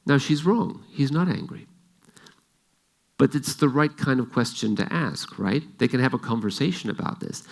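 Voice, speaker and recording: A man's voice: medium pitch, expressive, moderate pace, vocal fry, a little mellow. A man giving an explanatory talk, telling an example story and acting out its dialogue. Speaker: speaker.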